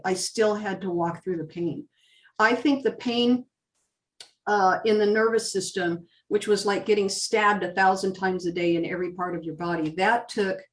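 Woman giving earnest, fervent testimony. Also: distant mic. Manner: earnest, rising fervently then dropping low. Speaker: interview guest. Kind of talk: emotional testimony.

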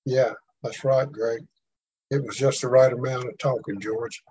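Husky man leading a prayer group. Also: medium pitch, steady tone, a little slow, darkish tone. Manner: encouraging, affirming.

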